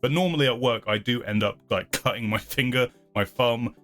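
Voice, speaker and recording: A man's voice: mid-range voice, a little fast, a bit bright, soft background music. A man hosting his channel who chats casually through viewer comments, rambling, hedging and often laughing at himself. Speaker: channel host.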